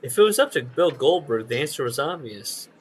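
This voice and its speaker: A man co-hosting a podcast in casual chat, telling stories with swearing and loud, mimicked shouts. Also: medium pitch, fairly quick, a little hiss or hum. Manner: animated storyteller, swears, shouts out quoted voices. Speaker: podcast co-host.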